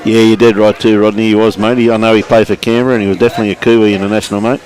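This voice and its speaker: A man's voice: lowish voice, flat delivery, racing, a little mellow. Chatty Australian bowls commentator man. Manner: chatty, greets viewers by name, calls everyone mate. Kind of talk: live sports commentary. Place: at a bowls club venue.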